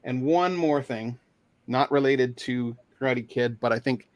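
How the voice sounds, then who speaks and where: A man chatting casually as a guest, talking haltingly with many fillers and restarts over a video call. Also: medium pitch, dry recording. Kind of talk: casual chat.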